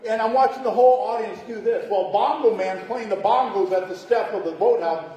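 Middle-aged male pastor, high-pitched, chatty storytelling preacher, recorded from far off in a booming church hall. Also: fairly quick, mellow, highs cut off. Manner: chatty, laughing asides, acts out voices in stories. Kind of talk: storytelling sermon. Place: church sanctuary.

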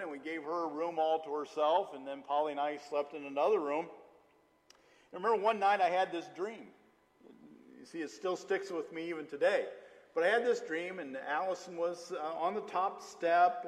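Middle aged guy preaching, kinda high voice, lots of uhs, big echoey hall sound. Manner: storytelling, animated, with frequent "uh" fillers. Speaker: pastor. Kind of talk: sermon. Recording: long hall reverb.

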